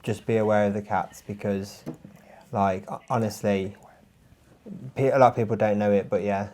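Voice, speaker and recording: A man making a prank call, rambling earnestly and deadpan with fillers and hesitations. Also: fairly low pitch, normal speed. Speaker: prank caller.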